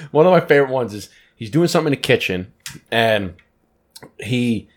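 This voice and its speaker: A man co-hosting a casual podcast, telling stories in an animated way, swearing and laughing often. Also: mid-range voice, normal speed. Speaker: podcast co-host. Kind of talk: casual chat.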